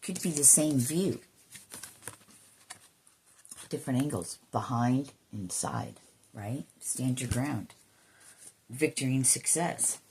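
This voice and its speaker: A woman giving an emotional, earnest spiritual card reading, sometimes dropping into soft whispers and swearing casually. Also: extremely low pitch, slow pace, long pauses, a little hiss or hum. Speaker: intuitive card reader.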